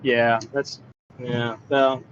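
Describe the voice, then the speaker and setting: A man in a casual voice chat, rambling and swearing excitably while driving. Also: medium pitch, extremely slow, dull audio, a little hiss or hum. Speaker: voice chat participant. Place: in a moving car.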